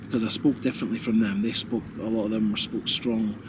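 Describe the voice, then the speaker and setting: A man in his thirties with a soft, well-spoken Scottish accent, reminiscing in a rambling, self-correcting way and chuckling often. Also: fairly low pitch, little pitch movement, brisk, background noise. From Scotland. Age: 30s. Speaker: vlogger. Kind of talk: casual reminiscing monologue. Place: outdoors.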